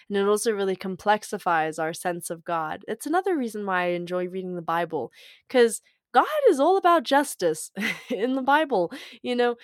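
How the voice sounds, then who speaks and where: A woman's voice: lowish voice, no echo. Woman riffing on spiritual stuff, swears a lot, laughs a bunch, dry close sound. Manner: playful, irreverent, laughs often; swears casually. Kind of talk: casual spiritual talk.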